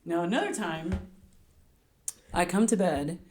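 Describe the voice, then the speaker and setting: A woman's voice: lowish voice, unhurried, a little hiss or hum. A middle-aged woman co-hosting a podcast, telling stories in a casual chat and acting out the quotes in them. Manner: lively storyteller, acts out quotes. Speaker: podcast co-host.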